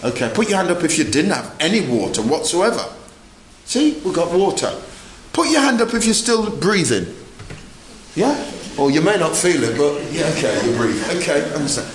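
Animated preacher in an echoey church. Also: male voice, a little high, normal speed, slight background noise. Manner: animated, asks the congregation questions, jokes. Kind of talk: lively sermon.

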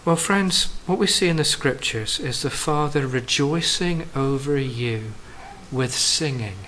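In an unhurried sermon, a man speaks to the congregation as friends, his voice climbing for emphasis and falling soft and low at key phrases. Poor audio carries a little hiss or hum.

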